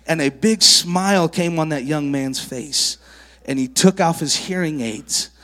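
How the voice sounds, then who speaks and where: A man's voice: fairly high pitch, measured pace. A male preacher in a church sanctuary, telling miracle testimonies and calling up child volunteers at a kids camp. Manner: animated storyteller who works with child volunteers. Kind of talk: sermon with testimony stories.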